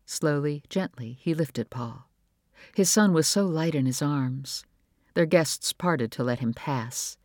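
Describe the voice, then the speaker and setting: A man reading a novel aloud in a measured, even storytelling voice. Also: fairly high pitch, dry recording, studio quality. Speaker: audiobook narrator. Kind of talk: scripted narration.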